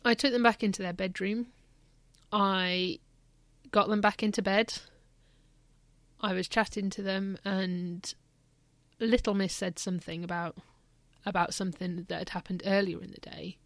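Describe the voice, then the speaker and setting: A mother speaks candidly and reflectively about her own experience, in a vlog style. Her voice has a gravelly, fry-edged texture. She is recorded close and dry, with no room sound. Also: mid-range voice, fairly even intonation, unhurried, long pauses, no echo. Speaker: parent. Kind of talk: personal parenting vlog.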